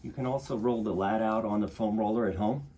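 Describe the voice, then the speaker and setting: Male chiropractor, low voice, encouraging, brisk repeated instructions during treatment. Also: mellow. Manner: encouraging, gives short repeated commands. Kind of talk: coaching a patient through treatment. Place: treatment room indoors.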